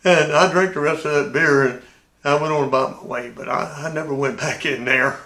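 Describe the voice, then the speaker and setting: An older man and navy veteran telling a sea story in a folksy, animated way. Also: fairly high pitch, normal speed, roomy sound. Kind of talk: casual spoken anecdote.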